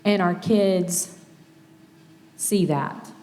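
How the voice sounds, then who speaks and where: A woman's voice: fairly low pitch, extremely slow, big-room sound. A mother in her thirties giving a plainspoken, conversational talk on family communication. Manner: conversational, plainspoken, gently quotes examples.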